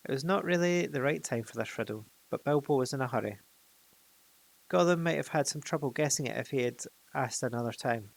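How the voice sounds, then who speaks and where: Gravelly man reading a storybook. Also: medium pitch, brisk, low-quality recording. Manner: unpolished reading with slips and restarts. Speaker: narrator.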